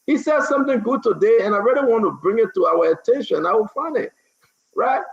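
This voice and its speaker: A man's voice: sits high, expressive, a little fast, vocal fry, echoey room, highs cut off. A man hosting a heated political talk stream, emphatic, often repeating words as he starts. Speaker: talk show host.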